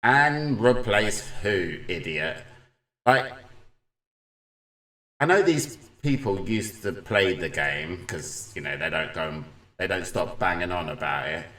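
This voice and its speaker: A casual man reacting to football talk, chatty and often mocking. His voice sits very low. The room around him sounds echoey. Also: sing-song, takes it slowly, vocal fry, fairly bright tone. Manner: chatty, agreeing, mocking impressions. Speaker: reaction video host.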